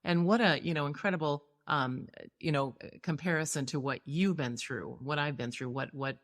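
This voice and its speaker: Woman, interview host, low voice, emotional, effusive reactions, heartfelt talk. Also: moderate pace. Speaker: podcast host. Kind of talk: interview conversation.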